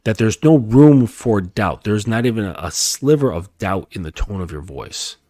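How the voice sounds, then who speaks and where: Man, dating coach, lowish voice, swooping intonation, calm and emphatic, dry close sound. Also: moderate pace, no echo, faint music behind. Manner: calm, emphatic, repeats himself, often adds "okay?". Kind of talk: lecture-style coaching talk.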